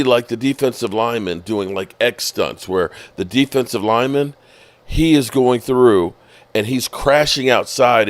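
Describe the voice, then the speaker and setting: A man hosting a sports podcast, casually explaining football plays in an animated, profane way. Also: medium pitch, no echo. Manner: animated, explanatory, swears freely.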